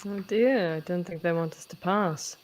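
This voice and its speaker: A woman's voice: on the low side, moderate pace, a little mellow, rough recording. A woman tabletop player speaking in character, dry and teasing.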